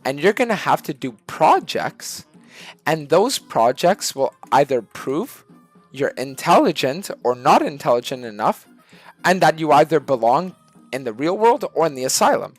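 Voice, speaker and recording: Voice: medium pitch, very animated, normal speed, soft background music. A gaming streamer telling a rambling, profane story in casual chat, acting out other people's voices along the way. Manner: swears constantly, acts out voices mid-story.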